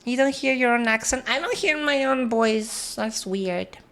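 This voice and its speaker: A woman's voice: on the high side, a little slow, fairly bright tone. Chatty woman streamer. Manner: chatty, greets viewers one by one, switches between English and Spanish. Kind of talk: casual chat with viewers.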